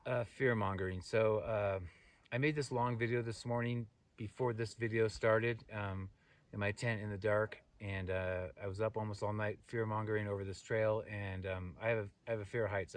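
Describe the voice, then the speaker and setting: Middle-aged male hiking vlogger, low voice, rapid rambling delivery, mic a bit distant. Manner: rambling, animated retelling with many fillers and restarts. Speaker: thru-hiker vlogger. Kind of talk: casual storytelling to camera. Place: outdoors on a mountain trail.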